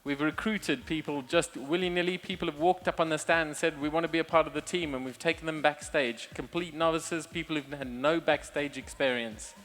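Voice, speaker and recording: A man hairstylist giving a candid, relaxed speech to hairdressers from a show stage. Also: a little high, brisk, hardly any pauses, faint music behind. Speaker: session stylist and show presenter.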